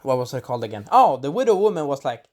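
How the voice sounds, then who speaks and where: A Swedish-born speaker recapping an episode in a casual, rambling review, stumbling over names and acting out quotes, and now and then clearing a scratchy throat. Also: mid-range voice, big pitch swings, fast. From Sweden. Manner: rambling, enthusiastic, acts out quotes in little voices. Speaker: video reviewer. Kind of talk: casual spoiler review monologue.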